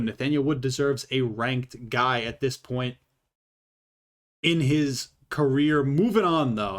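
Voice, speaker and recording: Solo commentator, man, loose and profane, mid-pitched voice, chatty and unscripted. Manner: profane and rambling, with many fillers. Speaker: YouTube fight commentator. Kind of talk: casual commentary.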